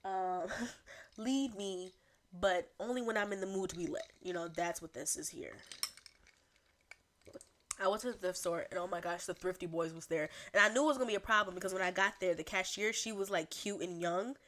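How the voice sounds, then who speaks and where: A young woman hosting a solo podcast, talking in a chatty, rambling way with animated asides. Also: fairly low pitch, normal speed, slight background noise. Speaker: podcast host. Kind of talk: casual solo chat.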